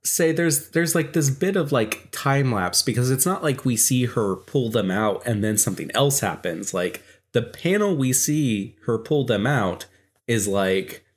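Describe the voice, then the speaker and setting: A woman's voice: a bass voice, lively intonation, unhurried, breathy edge. A woman co-hosting a casual chat, with a wry manner and frequent laughter. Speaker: co-host.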